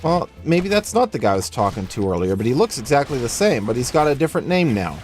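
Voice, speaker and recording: A man's voice: medium pitch, sing-song, fast, faint music behind. A man giving casual, joking commentary while playing a video game. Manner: playful, joking asides. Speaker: let's play host.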